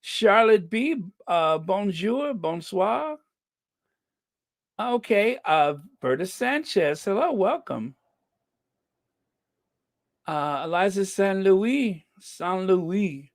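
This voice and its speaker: A man hosts a live stream and chats casually, greeting viewers one by one with jokey asides. His voice sits fairly high, and his speech is slow and unhurried. The sound is dry and close. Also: sing-song, creaky, no room sound.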